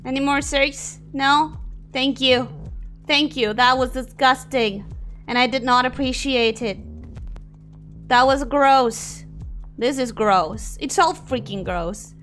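A woman streaming a game, reacting excitably, swearing freely and answering her chat. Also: sits high, slow, soft background music. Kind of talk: live gameplay commentary with chat replies.

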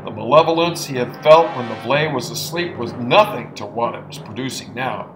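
A man reading an adventure novel aloud in an expressive, dramatic narration. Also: medium pitch, normal speed, over music. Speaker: audiobook narrator. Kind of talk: audiobook narration.

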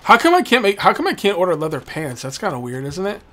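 Man, let's play host, casual jokey commentary, higher-pitched, talks to the customers on screen. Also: huge pitch swings, fast, fairly bright tone. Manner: jokey, chats with game customers.

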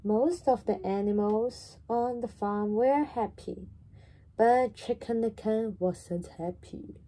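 A woman reading a children's story aloud in a slow, animated, sing-song way. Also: a little high.

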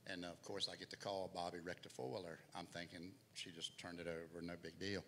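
A middle-aged guest preacher gives a sermon testimony in a church sanctuary, his voice swelling and dropping with the story. He speaks low and fairly quickly, with little pitch movement and a bright, forceful tone. Hall reverb and faint noise color the recording.

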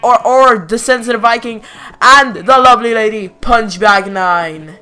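Woman, gaming host, playful, teasing, bright sharp voice. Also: on the high side, soft background music. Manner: playful and teasing, quick giggles, stutters on restarts. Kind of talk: casual gaming chat.

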